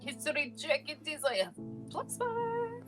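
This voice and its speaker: A woman's voice: sits high, very animated, measured pace, over loud music. A woman with an Australian accent, a player in an online tabletop game, asking hesitant questions full of fillers. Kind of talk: casual tabletop play.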